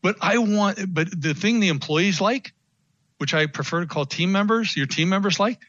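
A bright, forceful man in a radio interview, taking on little voices as he tells a story. The sound is dull and dry. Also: high voice, moderate pace, no echo. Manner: animated storytelling, acts out quotes. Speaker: guest consultant.

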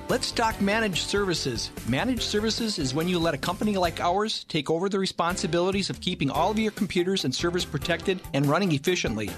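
A man with a fairly high voice reads a friendly sales pitch for his own business. Music plays clearly under the read the whole way through. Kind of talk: scripted radio ad read.

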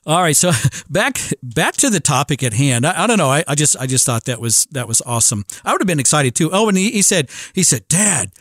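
Male radio host, middle-aged, slightly high voice, dry studio sound, casual and rambling. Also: sing-song, a little fast, fairly bright tone, no room sound. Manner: chatty, many restarts and fillers.

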